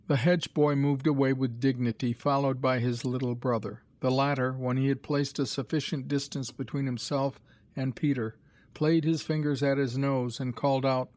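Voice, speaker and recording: Brief: male narrator for a graded reader, mid pitch, dry and close. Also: no echo. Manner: measured, even storytelling.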